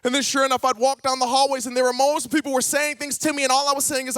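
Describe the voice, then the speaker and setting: A man telling a personal testimony in church, a dramatic storyteller who swings between hushed tones and shouting. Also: very high voice, fairly even intonation, quick pace, hardly any pauses, dry recording. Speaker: guest speaker.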